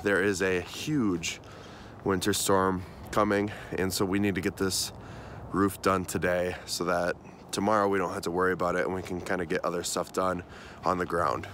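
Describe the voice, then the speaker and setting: Low-voiced man, groggy morning voice. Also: flat delivery, normal speed. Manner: plain, practical explaining. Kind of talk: casual vlog narration. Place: outdoors on a farm. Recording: noisy outdoor camera audio. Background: clear background noise.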